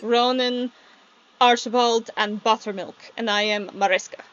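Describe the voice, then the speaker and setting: A woman game master narrates a tabletop role-playing session with frequent laughter. Her voice sits a little high and comes through dull, lo-fi stream audio. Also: steady tone, a little slow. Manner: laughs often, voices characters.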